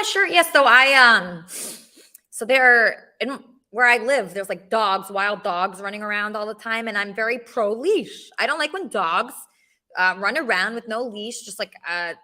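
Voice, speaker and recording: A woman's voice: fairly high pitch, lively intonation, normal speed, bright, forceful tone. A woman hosting a call-in show, talking bluntly and rambling in casual chat. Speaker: podcast host.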